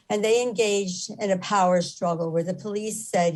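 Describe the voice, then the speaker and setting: A woman's voice: mid-range voice, steady tone, moderate pace, hardly any pauses, low-quality recording. A woman giving an earnest, impassioned spoken account, repeating phrases for emphasis. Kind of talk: earnest storytelling talk.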